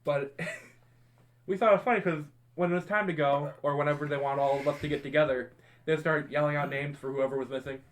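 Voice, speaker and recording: A young man hosts a loose, friendly podcast and tells old school stories with plenty of laughter. His voice sits a little high for a man, and he often acts out the lines his friends said back then. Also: steady tone, brisk, slight background noise. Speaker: podcast host. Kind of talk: casual storytelling among friends.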